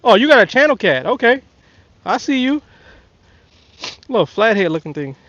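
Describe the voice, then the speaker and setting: A man's voice: extremely high pitch, sing-song, normal speed, dry recording, lo-fi sound. A man hosting a casual fishing livestream outdoors, with a laid-back, drawling way of talking. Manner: laid-back, drawling, shouts to his father. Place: outdoors by a lake bank.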